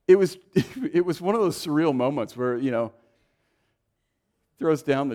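Middle-aged guy preaching, tells stories, does little voices for people, medium pitch. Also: moderate pace. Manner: animated, acts out quoted voices in anecdotes. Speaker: pastor. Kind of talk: sermon with storytelling.

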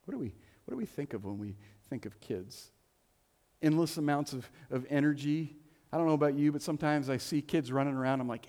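Joking pastor with a mellow voice. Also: male voice, fairly high pitch, fairly quick. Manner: conversational and joking, with playful asides. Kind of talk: sermon. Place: church sanctuary. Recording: long reverb of a church hall.

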